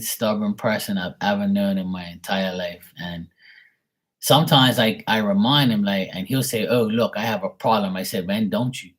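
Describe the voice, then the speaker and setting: Middle-aged guy on a live tarot stream, low voice, rambly family story, swears a lot. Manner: rambling anecdote, swearing, mimicking family members. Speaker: tarot reader.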